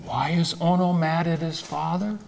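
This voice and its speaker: A male preacher delivering a sermon, talking deliberately and putting rhetorical questions to his listeners. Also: on the high side, fairly even intonation, vocal fry, a little mellow. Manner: deliberate, rhetorical questions to the congregation, repeats words.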